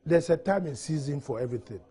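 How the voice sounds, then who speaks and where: A man's voice: a little high, expressive, fast, dark tone, husky. A Ghanaian man on a TV panel, speaking hesitantly with many fillers and light laughs, mixing Twi and English. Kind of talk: TV studio panel discussion.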